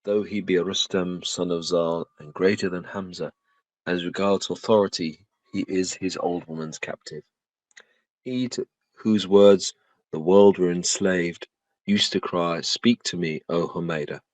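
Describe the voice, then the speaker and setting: A low-voiced man reads a verse translation aloud in a steady, formal way. The sound is close and dry, with no room around it. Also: unhurried, no echo, poor audio. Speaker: reader. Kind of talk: scripted reading of a verse translation.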